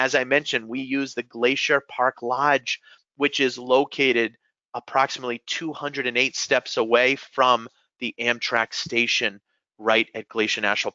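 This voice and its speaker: Presenter, man, New England accent, bright forceful voice, dry slightly dull audio, eager sales pitch. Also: no echo. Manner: enthusiastic, upbeat salesman addressing "everyone". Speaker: webinar presenter. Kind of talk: live sales webinar presentation.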